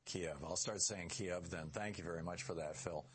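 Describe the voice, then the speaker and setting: A man hosting a radio talk show, interviewing a guest by phone in a friendly, halting way with many fillers. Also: deep voice, a little hiss or hum.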